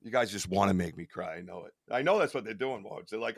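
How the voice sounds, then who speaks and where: A man's voice: lowish voice, animated, fast, vocal fry, no room sound, clean studio sound. A man hosting a live podcast, chatting casually in a rambling way, swearing and laughing at his own stories. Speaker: podcast host. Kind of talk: casual live-stream chat.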